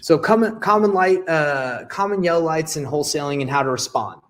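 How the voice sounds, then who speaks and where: A young adult man giving a live sales training, energetic and repetitive, checking in with "okay" and acting out sample calls. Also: a little high, moderate pace. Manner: energetic, repeats "okay" and "all right", acts out sample seller calls. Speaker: real estate sales coach. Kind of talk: live training talk to camera.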